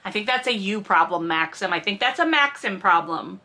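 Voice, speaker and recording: Woman, bright crisp voice, sarcastic, wry asides, casual book-reading commentary. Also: medium pitch, expressive, moderate pace. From from a Russian family. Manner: sarcastic, wry asides between read passages. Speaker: podcast host reading and critiquing a novel.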